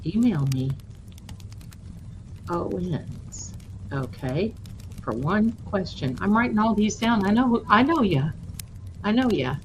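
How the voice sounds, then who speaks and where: Chatty woman livestream host, slow talker. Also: medium pitch, lively intonation, a little hiss or hum, low-quality recording. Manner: chatty, affectionate, calls viewers my darlings. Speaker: host of a tarot channel livestream. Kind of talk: casual livestream chat.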